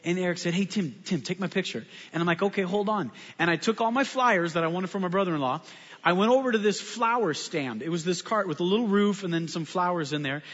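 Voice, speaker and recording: A man's voice: high-pitched, fast talker. Guy pastor telling a funny story in a sermon, muffled sound, big reverby hall. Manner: animated, self-mocking humor.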